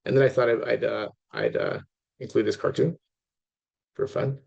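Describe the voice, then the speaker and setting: A man's voice: mid-range voice, moderate pace, gravelly, a little mellow, slightly rough, lo-fi sound. A middle-aged man lecturing an audience in a chatty way, with many fillers and restarts and asides to his listeners. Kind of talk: informal lecture.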